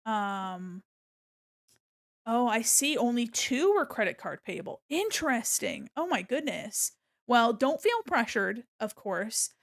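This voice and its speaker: A young adult woman hosting a charity live stream, gushing and excitable, often laughing as she thanks donors. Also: on the high side, takes it slowly. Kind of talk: casual live-stream chat.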